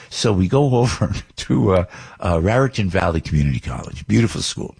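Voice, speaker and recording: Older male radio host, New Jersey accent, husky and a bit low, animated storyteller. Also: fairly quick. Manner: rambling storytelling, animated, many restarts. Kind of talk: morning radio monologue.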